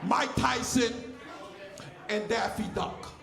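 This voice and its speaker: A man in his forties with a lisp, doing a loud, crude stand-up comedy set on stage, often shouting at the crowd. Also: very high voice, takes it slowly, vocal fry, reverberant. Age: 40s.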